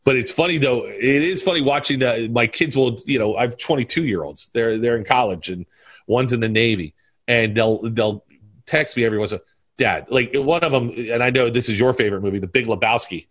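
A middle-aged man talking in a loose, rambling way, jumping from story to story and dropping movie lines as he goes. His voice sits at an ordinary middle pitch and he laughs often while he chats. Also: brisk, a bit bright. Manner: rambling, trades movie quotes with bursts of laughter. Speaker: podcast guest. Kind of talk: casual chat.

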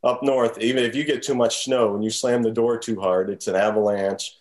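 A man co-hosting a casual podcast, retelling film scenes with lively animation. His voice sits mid-range and shifts pitch as he acts out bits of the story. The delivery is easygoing and chatty. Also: a little fast. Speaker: podcast co-host. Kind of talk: casual chat recapping a film.

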